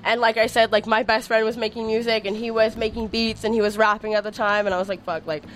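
A woman's voice: a little high, level tone, fast, a little hiss or hum. A young woman from Montreal, a record label founder, chatting casually in an interview, bubbly and giggly, with many "like" fillers. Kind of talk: casual radio interview chat. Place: crowded room with people.

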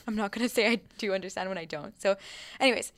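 A young woman chatting casually, telling a lively story full of fillers and acted-out thoughts. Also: mid-range voice, quick pace, no room sound. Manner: animated, many fillers, acts out her own thoughts.

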